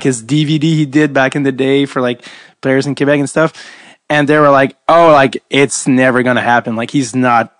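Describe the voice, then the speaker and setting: A man's voice: mid-range voice, no echo. Chatty man with a dry close sound. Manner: rambling storyteller, heavy use of filler words. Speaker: podcast host. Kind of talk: casual interview chat.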